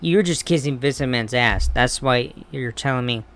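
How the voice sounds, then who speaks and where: A man's voice: mid-range voice, normal speed, a bit bright. A man ranting bluntly and with heavy swearing in a casual wrestling commentary vlog. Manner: blunt, profane, heated ranting.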